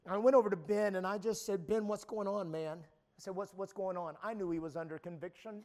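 A man preaching a sermon at a camp meeting, retelling a story with frequent stammering restarts and rising to shouts. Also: high voice, steady tone, fairly quick. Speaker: pastor.

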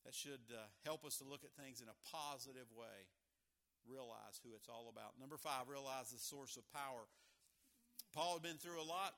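Bright-voiced emphatic male preacher. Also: mid-range voice, normal speed, creaky. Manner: emphatic preaching, repeating key lines, swinging from loud to soft. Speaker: pastor. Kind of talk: sermon.

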